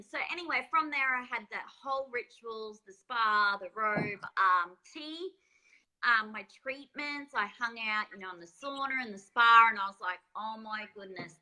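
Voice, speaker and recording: A woman, an author and spa business founder, telling her story in a lively, laughing interview. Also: medium pitch, rough recording. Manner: lively, laughs often, acts out quoted voices.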